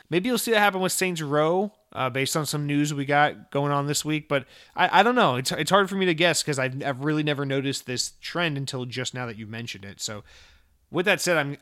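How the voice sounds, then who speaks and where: A young man talks on his own show in a loose, rambling way, tripping over restarts and tossing in curse words as he gets excited. His voice sits a bit high for a man. The sound is close and dry, with no room around it. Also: dry recording. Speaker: podcast host. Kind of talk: casual solo podcast chat.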